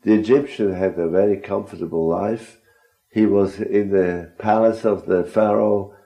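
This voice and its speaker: A man's voice: on the low side, fairly even intonation, measured pace, lo-fi sound. A man leading a group Bible discussion, earnest and often posing questions to his listeners. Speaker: Bible study speaker.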